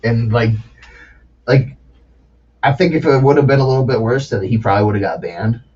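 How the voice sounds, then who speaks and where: This male podcast host has a medium-pitched, husky voice that's a little mellow and a little fast. He keeps the chat casual, cursing and laughing a lot, and the audio is dull and lo-fi.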